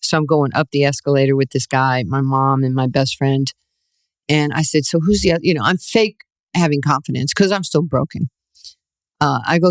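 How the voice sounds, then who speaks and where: A woman in her sixties from New York, a guest telling lively stories in an interview and acting out the voices in them. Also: sits low, fairly quick, dry recording, clean studio sound. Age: 60s. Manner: animated storyteller, acts out quoted voices, laughs often. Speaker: guest, former basketball player. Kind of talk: storytelling interview.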